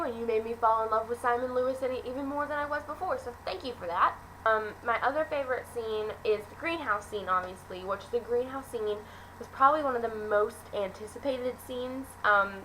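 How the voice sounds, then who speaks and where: A woman's voice: a little high, fairly bright tone, a little hiss or hum, poor audio. A teenage girl casually reviewing a film, gushing and rambling with lots of fillers and restarts. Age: teens.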